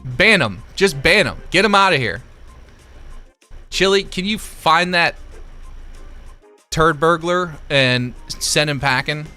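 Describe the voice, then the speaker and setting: A man's voice: fairly high pitch, expressive, slow pace, long pauses, sharp tone, faint music behind. A man hosting a casual livestream, reading out viewer comments and chatting loosely with his chat, swearing now and then. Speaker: livestream host.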